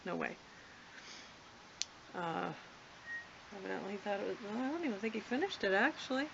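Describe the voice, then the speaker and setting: A woman's voice: medium pitch, animated, moderate pace, creaky, noisy background. A woman vlogging casually from her backyard and home. She rambles along chattily and coos at her cats. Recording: dull lo-fi home video.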